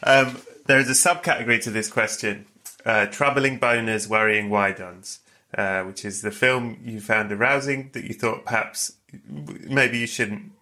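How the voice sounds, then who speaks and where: A man hosting a podcast interview, quick and jokey, enthusiastic and casually swearing. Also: on the low side, fairly even intonation, sharp tone. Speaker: podcast host.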